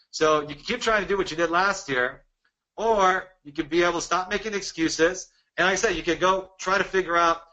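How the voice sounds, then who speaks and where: A man from Dallas presenting a sales webinar, energetic and persuasive, firing off rhetorical questions. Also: a little high, poor audio. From Dallas, Texas.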